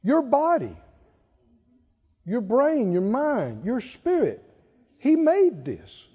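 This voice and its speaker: Male preacher, slow and mellow, quick to laugh, sermon recorded dull in a reverberant hall. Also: very high-pitched, huge pitch swings, breathy edge. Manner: conversational, laughs often, asks the congregation questions. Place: church or conference hall.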